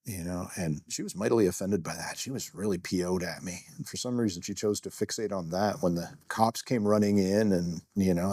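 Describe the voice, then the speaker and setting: A man's voice: deep voice, brisk, hardly any pauses, a little mellow, husky, no echo, studio quality. A middle-aged man, a security guard, telling a first-person story in a candid, self-deprecating way, rambling with fillers.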